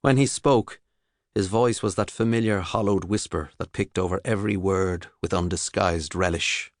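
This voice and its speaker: Reading a novel aloud from a script, a male audiobook narrator keeps a steady, measured delivery. His voice sits low, and the recording is dry and close, with no room sound at all.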